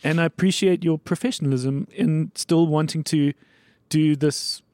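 Higher-voiced male host asking questions. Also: fairly even intonation, normal speed, warm tone, dry recording. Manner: brief encouraging interjections. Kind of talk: casual interview.

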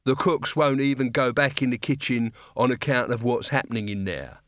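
A man voicing a gruff, scornful city guard captain who drawls his words slowly in an audiobook reading. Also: medium pitch, no room sound, studio quality, lightly acted.

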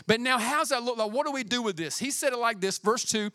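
Man preaching, very high voice, casual slangy sermon, emphatic, dry close sound. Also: very animated, moderate pace, few pauses, pushed and bright, no echo. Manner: conversational, slangy, emphatic, repeats himself.

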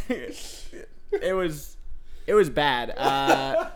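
A man's voice: fairly high pitch, big pitch swings, extremely slow, over a noisy crowd. A young man co-hosting a casual podcast, rambling through a school story and laughing along the way. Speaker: podcast co-host. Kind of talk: casual chat.

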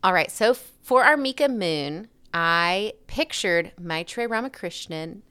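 A woman's voice: lowish voice, lively intonation, takes it slowly, bright, forceful tone, clear, resonant tone. A woman with an Alabama Southern accent co-hosting a book podcast, chatting casually and enthusiastically. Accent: Southern American, Alabama. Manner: enthusiastic, laughs often. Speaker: podcast co-host. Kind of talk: casual chat.

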